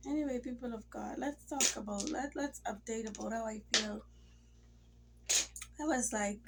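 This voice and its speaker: A woman's voice: fairly high pitch, normal speed, pauses often, very noisy. A woman talking casually to her camera in a rambling, emotional way. She has a cold and sometimes drops into near-whispers. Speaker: vlogger. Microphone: phone or camera mic.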